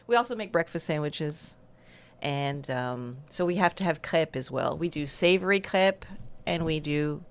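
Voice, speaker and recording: A low-pitched woman guest on a podcast, raised between the United States and France. She explains things in a casual, friendly and patient way. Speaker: bakery co-owner, guest. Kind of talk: interview answers.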